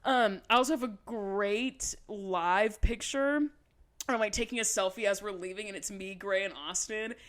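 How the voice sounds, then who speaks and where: Animated swearing woman telling a story. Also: medium pitch, normal speed. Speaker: podcast co-host. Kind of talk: casual storytelling chat.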